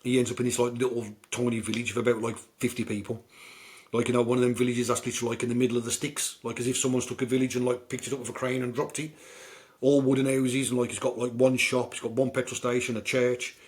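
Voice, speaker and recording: A man's voice: mid-range voice, flat delivery, fast. Give me a British man casually chatting through film plots with lots of fillers. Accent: British English. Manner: rambling, chatty storytelling with many fillers. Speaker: podcast host.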